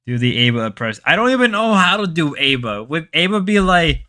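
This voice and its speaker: A man's voice: on the high side, big pitch swings, fairly quick, sharp tone. A man whose first language is Spanish, hosting a livestream and chatting casually and jokily with his viewers, rambling and slipping into mock voices. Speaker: livestream host. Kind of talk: casual stream chat with viewers.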